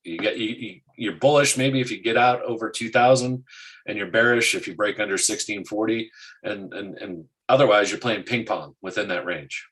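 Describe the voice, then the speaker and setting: A man's voice: lowish voice, normal speed, a bit bright, rough recording. A man co-hosting a casual market show, rambling with many restarts and fillers. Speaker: co-host.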